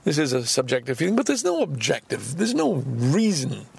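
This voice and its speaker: Brief: fiery podcast host, profane solo rant, swooping pitch, husky gravel. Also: male voice, big pitch swings, normal speed. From Canada. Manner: angry, profane, emphatic.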